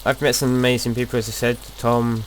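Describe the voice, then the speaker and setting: A man's voice: medium pitch, level tone, a little fast, slight background noise. A young man casually talking through his gameplay as a video host, rambling and chatty, often restarting his sentences.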